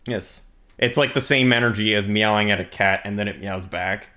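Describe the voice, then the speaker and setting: A man's voice: on the low side, normal speed, pushed and bright. A man co-hosting a casual stream, laid-back and joking as he reads memes. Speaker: stream co-host.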